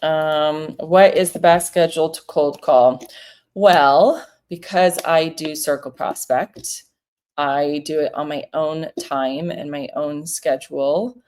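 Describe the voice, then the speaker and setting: Low-voiced chatty woman. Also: slow pace. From South Florida. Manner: relaxed and chatty, acts out phone calls in little voices. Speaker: real estate broker hosting a livestream. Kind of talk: casual livestream advice chat. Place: home office.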